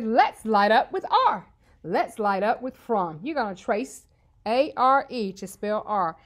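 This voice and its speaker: A woman's voice: on the high side, a little hiss or hum. A woman teaching an early reading lesson to young children, spelling out words letter by letter in an upbeat, encouraging way. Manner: slow, clear spelling out of letters.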